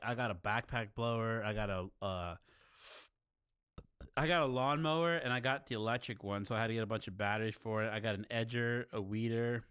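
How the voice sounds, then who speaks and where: A man's voice: mid-range voice, fairly bright tone, clean tone, no echo, studio quality. A young man from chatting casually with his stream viewers, rambling and laid-back, often calling them dude and bro.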